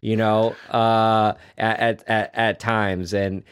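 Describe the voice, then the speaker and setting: A man in casual film talk, acting out movie lines in low growled voices. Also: flat delivery, slow, clear, resonant tone.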